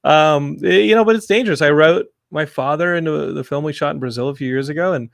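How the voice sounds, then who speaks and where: A man hosting a casual podcast chat, telling animated stories about his family and film sets. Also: fairly high pitch, fast talker, gravelly, dry recording. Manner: animated storyteller, mimics his mom. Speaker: podcast host and filmmaker.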